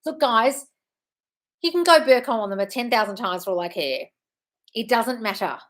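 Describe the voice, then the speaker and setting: A woman's voice: a little high, lively intonation, normal speed, long pauses, a bit bright. A woman hosting a live Q&A as a manifestation coach. She reads out viewer questions and answers them in a frank, breezy way, calling her listeners "darling". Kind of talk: casual live-stream chat, reading viewer questions.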